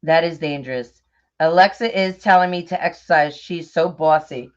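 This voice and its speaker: A woman's voice: sits low, moderate pace. A middle-aged woman hosting a craft livestream, chatting casually, greeting viewers by name and laughing often. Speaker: livestream host of a bow-making craft show. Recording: dull lo-fi livestream audio.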